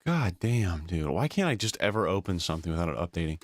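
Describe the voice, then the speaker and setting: A man with a very low voice riffs sarcastically while watching videos on stream, swearing freely and mocking what he sees. The sound is dry and close, with almost no room in it. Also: quick pace, dry recording. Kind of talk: casual profane reaction commentary.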